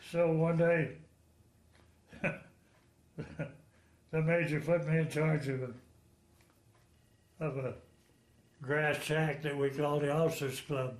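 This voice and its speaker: An old man in his nineties from Texas spins long, candid war stories at a slow pace. His voice sits a little high, and the room around him rings with echo. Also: fairly even intonation. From Texas, United States. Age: 90s. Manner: rambling, frank storytelling with chuckles. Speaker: World War II veteran. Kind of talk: oral history interview.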